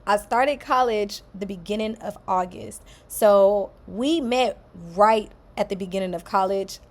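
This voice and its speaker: A woman's voice: medium pitch, unhurried. A young woman in her twenties chatting casually as she tells a personal story, acting out what others said. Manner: chatty, quotes others in acted voices. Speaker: vlogger. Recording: echoey room.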